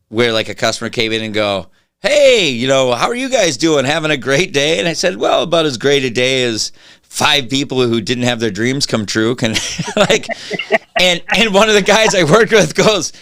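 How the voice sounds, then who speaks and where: A man's voice: medium pitch, expressive, measured pace, bright, forceful tone, clean tone. A man hosting a podcast, chatting casually and telling profane, self-mocking stories. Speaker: podcast host. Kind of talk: casual chat.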